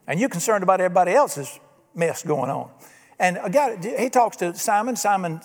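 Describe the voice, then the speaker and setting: A man delivers a sermon from the pulpit, his voice sitting high for a man. He talks in a folksy way, throwing out rhetorical questions. The sound carries a long reverb from the church hall. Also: expressive, quick pace. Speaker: pastor.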